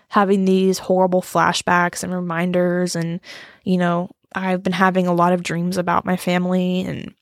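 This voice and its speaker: A young woman talks through a confessional vlog with a fry-edged, gravelly voice. She rambles, laughs nervously and mocks herself, and she is choked up close to tears at times. The sound is dry and close, with no room around it. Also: fairly low pitch, no room sound. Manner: rambling, self-deprecating, with nervous laughs and many fillers. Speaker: vlogger talking about grief. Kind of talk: casual confessional chat.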